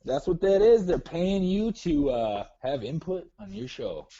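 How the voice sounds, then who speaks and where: A man with a Minnesotan accent calls into a live show, his voice dark and mellow. He keeps things laid-back, teasing the host and laughing easily. The call audio comes through dull and lo-fi. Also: a little high, big pitch swings, measured pace. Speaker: caller. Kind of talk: casual chat.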